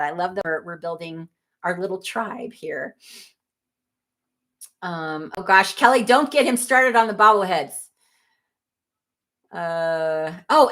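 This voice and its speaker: With a medium-pitched, fairly bright voice, a middle-aged woman runs a livestream, casually chatting and reading out comments from viewers. She rambles and laughs a lot.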